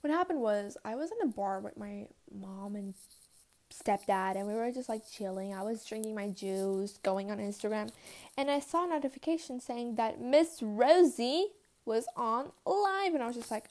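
A teenage girl telling casual storytime anecdotes, chatty and quick to swear and laugh, with lots of "like". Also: on the high side, a little mellow. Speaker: vlogger.

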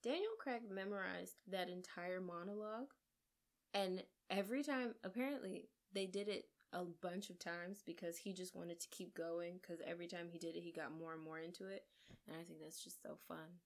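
A woman with a slightly low voice recaps a movie for a podcast, gushing as she goes. She talks casually and adds quick asides to the story. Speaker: podcast co-host.

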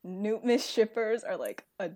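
A woman's voice: mid-range voice, expressive, measured pace, a little mellow. A young American woman in casual chat about books, gushing with lots of fillers. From United States. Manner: gushing, many fillers and laughs.

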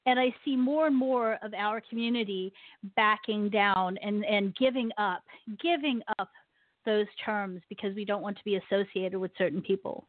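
A woman's voice: mid-range voice, normal speed, dry recording. Ranting woman host on a tinny line. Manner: animated, ranting, laughs often. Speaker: radio show host. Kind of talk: casual radio talk with a guest. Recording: tinny phone-line sound, dry.

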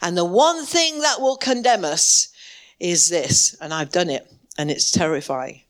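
A woman's voice: fairly low pitch, a little slow. A woman preacher delivering a sermon in a church, impassioned and emphatic, with repeated words for weight.

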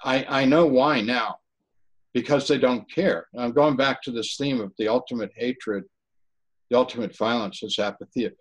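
A man giving an earnest personal testimony in an interview, talking haltingly with frequent restarts. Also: mid-range voice, rough recording. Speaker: interview guest.

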